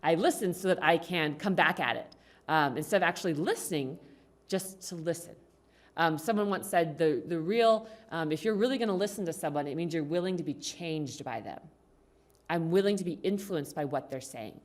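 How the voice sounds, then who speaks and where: A woman's voice: sits low, lively intonation, normal speed. A woman giving a conversational talk to a congregation, asking the audience questions. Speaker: speaker at a congregation. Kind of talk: talk on communication.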